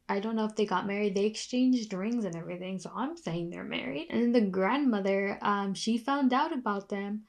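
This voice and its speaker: A young woman chatting casually in a reaction video, recapping in long rambling runs and getting worked up as she watches. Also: medium pitch. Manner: gets worked up and indignant while watching.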